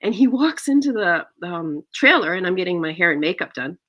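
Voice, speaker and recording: Lively middle-aged woman telling a story. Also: moderate pace, muffled recording. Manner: acts out quoted lines with big pitch jumps and gasps. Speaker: actor, interview guest. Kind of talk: animated anecdotal storytelling.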